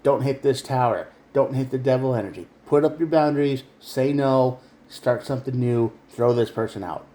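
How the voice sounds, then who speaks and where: A man's voice: medium pitch, normal speed, warm tone. A man giving a tarot reading straight to the viewer, earnest and emphatic. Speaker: tarot reader. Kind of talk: direct-to-camera tarot reading.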